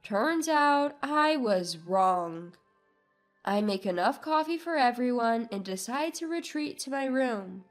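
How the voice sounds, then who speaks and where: A woman narrating a first-person family story in a measured, subdued way. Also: a little high, lively intonation. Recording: narration with soft background music.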